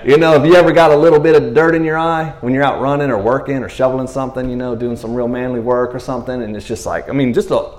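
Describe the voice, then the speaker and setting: A man's voice: medium pitch, steady tone, quick pace, few pauses, darkish tone. A man preaching a casual, rambling sermon, constantly checking in with his listeners. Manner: rambling, chatty, keeps asking "you know what I mean". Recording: roomy echo.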